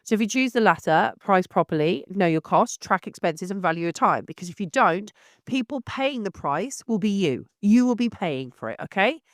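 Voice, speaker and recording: A woman's voice: medium pitch, lively intonation, moderate pace, no echo, studio quality. A woman sounding unwell as she hosts a solo podcast, ranting in a blunt, exasperated way. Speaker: podcast host.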